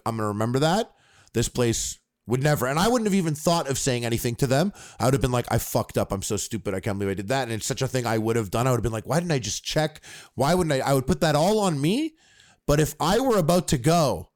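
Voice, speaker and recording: A man's voice: medium pitch, a little mellow, dry recording, studio quality. A man co-hosting a podcast, rambling in casual chat with lots of fillers and swearing. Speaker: podcast co-host.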